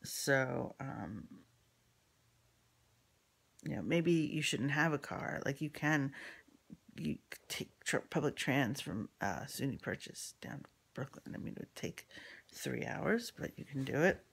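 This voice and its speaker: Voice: medium pitch, lively intonation, measured pace, creaky, a bit bright, slightly rough. A speaker telling a rambling personal story in casual talk, swearing freely, full of fillers and restarts, often dropping into whispered asides. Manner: drops into unvoiced whispery asides.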